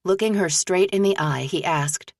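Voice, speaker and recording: A woman narrating an audiobook in a measured storytelling manner, close to the mic. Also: lowish voice, no echo. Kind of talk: scripted narration.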